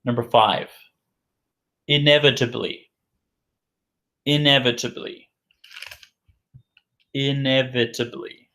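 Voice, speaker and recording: A male English teacher working through a vocabulary lesson in a recorded class. He speaks at a very slow, deliberate pace, repeating each word for learners, with a voice that sits in an ordinary middle pitch. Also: steady tone, bright, forceful tone.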